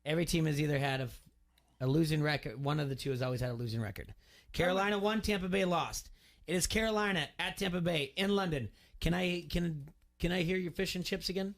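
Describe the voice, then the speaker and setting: A man co-hosts a sports radio show in a loose, casual chat. His voice sits a bit high for a man. He teases his co-hosts, laughs often and trips over his own lines. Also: fast, gravelly.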